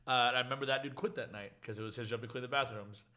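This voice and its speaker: A man's voice: mid-range voice, steady tone, racing, crowd noise. A man guesting on a casual chat, telling wry, laid-back stories about bar work. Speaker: guest, bartender and singer.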